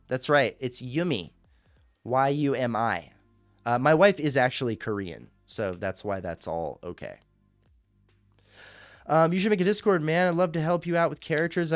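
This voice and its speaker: Male livestream host, mid pitch, casual and profane, rambling chat, smooth clear voice with a bit of music underneath. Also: dry recording. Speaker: radio show host.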